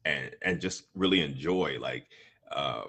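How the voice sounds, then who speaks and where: A man co-hosting a casual live podcast, laid-back and quick to laugh. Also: extremely low pitch, gravelly, sharp tone, husky. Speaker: podcast co-host.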